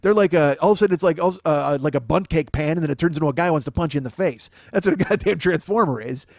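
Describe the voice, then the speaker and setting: A man in his forties riffs through a rambling, sarcastic and profane comedy podcast rant. His voice sits a little high. It comes across a close mic with a dry, dead sound. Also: racing, gravelly, no room sound. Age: 40s. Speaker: podcast host.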